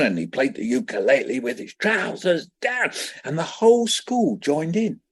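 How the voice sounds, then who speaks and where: A man in his seventies from England, a children's poet guest telling lively anecdotes in an interview and acting out the voices in them. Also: on the high side, normal speed, hardly any pauses, husky. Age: 70s. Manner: lively anecdotal storyteller who acts out voices. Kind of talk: conversational storytelling interview.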